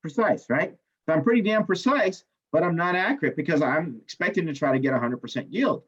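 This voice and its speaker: A male chemistry instructor telling a personal story in a classroom lecture, animated, often asking "right?" and swearing now and then. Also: on the high side, a little fast, breathy edge, muffled recording.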